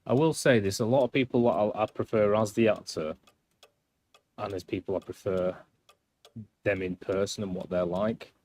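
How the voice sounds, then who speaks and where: A man's voice: on the low side, fairly even intonation, normal speed, pauses often, a little mellow. A man doing casual gameplay commentary on a live stream, rambling and self-deprecating as he chats.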